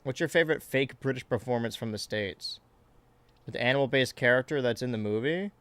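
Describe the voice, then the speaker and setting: A man's voice: mid-range voice, fairly quick, fairly bright tone, no echo. A man streaming a video game in casual commentary, rambling, swearing freely and reading chat questions aloud. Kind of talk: casual let's-play commentary.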